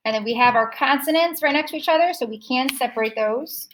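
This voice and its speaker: High-voiced teacher drilling phonics syllables. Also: female voice, fairly bright tone, slight background noise, rough recording. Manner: slow, repeats words to stress syllables. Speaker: second grade teacher. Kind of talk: phonics lesson.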